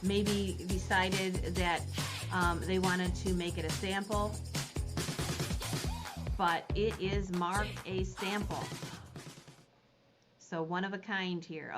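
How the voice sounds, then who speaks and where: A woman running a live online consignment auction, describing each item and then calling bids in rapid repeated phrases. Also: mid-range voice, fairly even intonation, over music. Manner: rapid repetitive bid calling.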